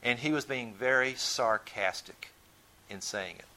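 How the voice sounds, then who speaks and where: Guy teaching bible study, bright clear voice, kinda rambly, keeps asking the class questions. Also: medium pitch, measured pace. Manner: conversational, repeats words while thinking; asks the listeners questions.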